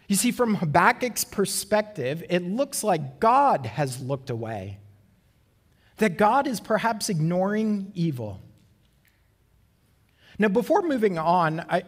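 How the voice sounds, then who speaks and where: A man preaching a sermon in an earnest way, asking rhetorical questions and slowing down for emphasis. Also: a little high, long reverb tail. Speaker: pastor.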